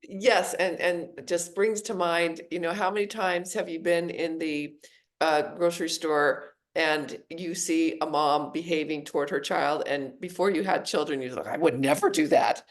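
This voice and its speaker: A middle-aged woman, a psychologist and author, talking as a podcast guest and telling stories in an animated way. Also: sits low, a little slow. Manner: storytelling, animated voicing of quoted people. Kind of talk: podcast interview.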